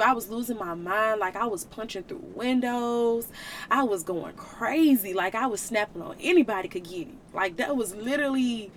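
A woman's voice: medium pitch, a little hiss or hum. A woman hosting a faith podcast, speaking in an earnest, emotional, preaching way, with casual slang. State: tearful at times. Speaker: podcast host.

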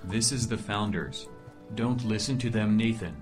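A performer voicing the Founders, an ominous shadowy group, speaking slowly and commandingly. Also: mid-range voice, a little mellow, faint music behind, natural voice. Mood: menacing.

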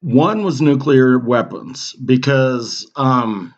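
A man's voice: medium pitch, lively intonation, slow pace. A man co-hosting a podcast in casual chat, offhand and laid-back, swearing now and then. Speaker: podcast co-host. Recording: dull lo-fi sound.

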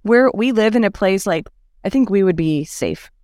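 A woman's voice: medium pitch, lively intonation, moderate pace, warm tone, no room sound. Woman, blunt and chatty, dry close mic. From Boston. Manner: blunt, chatty, swears freely. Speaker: podcast guest. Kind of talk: casual chat.

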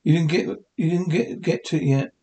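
A man voicing a loud, blustering stone-age working man in a 1960s cartoon, gruff and quick to anger. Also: fairly high pitch, steady tone, close to an everyday voice. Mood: huffy.

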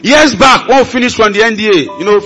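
A Nigerian man preaching a sermon at a large conference, leading the congregation in call and response and building to shouts. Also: high voice, fast, dull audio, faint music behind. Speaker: pastor.

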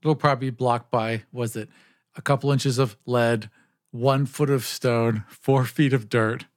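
Male podcast co-host, mid-pitched, relaxed and inquisitive, thinking aloud. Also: unhurried. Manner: curious, musing aloud with questions. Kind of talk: casual podcast chat.

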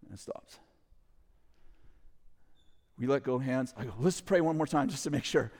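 A middle-aged man telling a story to an audience in a lively way, with loud bursts, acted quotes and chuckling asides. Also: mid-range voice, normal speed. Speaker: ministry leader telling a story. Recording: long hall reverb.

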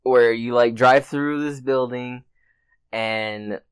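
A young man co-hosting a casual podcast, making quick, joking remarks. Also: medium pitch, steady tone, smooth. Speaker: podcast co-host. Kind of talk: casual chat.

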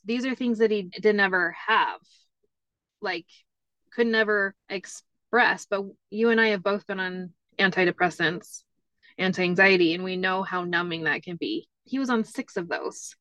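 A woman's voice: mid-range voice, a little slow, sharp tone, no room sound. A woman guest telling family stories in a casual chat, leaning on "like" and "you know" as she talks. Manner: chatty, many "like" fillers. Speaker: interview guest.

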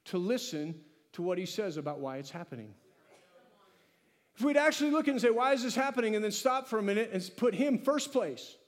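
High-voiced preaching pastor in a reverberant hall. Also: male voice, brisk. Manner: animated preaching, acting out dialogues with God. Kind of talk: sermon.

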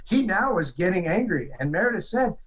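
Animated storytelling man, higher voice. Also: brisk, poor audio. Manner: animated retelling, quotes others. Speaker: detective guest. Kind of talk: storytelling in an interview.

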